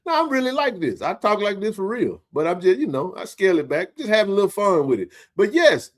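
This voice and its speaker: A man's voice: sits high, a little fast. A man, hosting a casual sports live stream and joking with his chat. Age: 40s. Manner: joking, animated, talks to chat readers. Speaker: sports talk stream host.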